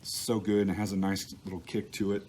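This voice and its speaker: A man walking through a recipe in a relaxed, folksy way, with plenty of ums and restarts. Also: on the low side, fast talker, slight background noise, poor audio. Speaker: cook team captain demonstrating a recipe. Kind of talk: casual cooking demonstration. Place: outdoor grill setup.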